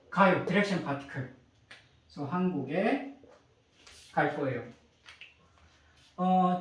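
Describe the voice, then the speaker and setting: Korean guy teaching grammar in english, high lively voice, asks "right?" a lot, far off mic in a really echoey room. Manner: explains step by step, checking with frequent "okay?" and "right?"; switches between English and Korean example phrases. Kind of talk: classroom grammar lesson.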